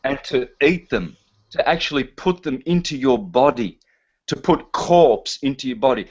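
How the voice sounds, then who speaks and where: A man's voice: medium pitch, expressive, moderate pace, darkish tone. A man talking in a casual chat, emphatic and preachy in manner. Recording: dull lo-fi sound.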